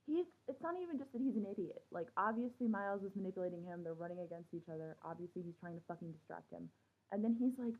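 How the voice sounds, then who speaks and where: A young woman recaps a TV episode in a heated, sarcastic rant, swearing freely and quick to mock what she dislikes. Her voice sits a little low. The recording is narrow and tinny, like a phone line. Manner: animated, swears a lot, sarcastic. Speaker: TV show reviewer. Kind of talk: casual ranting recap.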